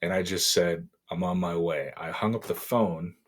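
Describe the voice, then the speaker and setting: A middle-aged man from Boston, a podcast guest, telling a painful personal story in a halting, emotional way with many fillers. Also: deep voice, steady tone. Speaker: interview guest.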